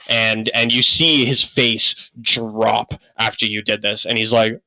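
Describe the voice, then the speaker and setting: Bright-voiced man narrating as game master. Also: fairly low pitch, fairly even intonation, dry recording, poor audio. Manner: halting, rambling narration. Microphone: online voice chat.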